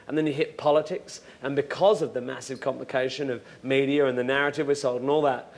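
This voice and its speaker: A man in a relaxed panel chat among comedians, thinking out loud about his work. He talks earnestly and reflectively, with casual swearing woven through his points. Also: medium pitch, quick pace, few pauses.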